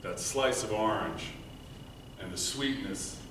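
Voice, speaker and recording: A man giving a prepared storytelling speech at a speech contest, earnest, moving between loud emphasis and quiet, hushed passages. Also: fairly low pitch, takes it slowly. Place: meeting room before an audience. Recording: echoey room, mic from far off, faint noise.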